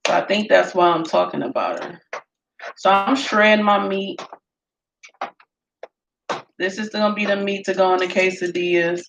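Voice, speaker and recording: A woman, chatting in a casual cooking vlog and telling lively stories while she cooks in her home kitchen. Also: mid-range voice, normal speed, vocal fry, pauses often. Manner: storytelling, animated, laughs often. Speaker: home cook vlogger. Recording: echoey room with faint noise.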